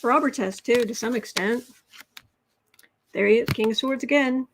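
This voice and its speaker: A woman's voice: fairly high pitch, moderate pace, noisy background. A woman hosting a casual livestream tarot reading, chatty, with frequent restarts as she reads viewer comments aloud.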